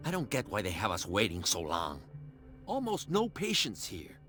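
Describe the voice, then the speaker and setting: An impatient waiting visitor. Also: male voice, on the low side, wildly swooping pitch, moderate pace, music in the background. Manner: complaining. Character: impatient man waiting at a clinic.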